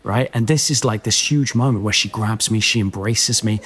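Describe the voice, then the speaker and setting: A man telling a comic story on a podcast, animated and self-mocking, with many chatty asides. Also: on the low side, moderate pace, breathy edge.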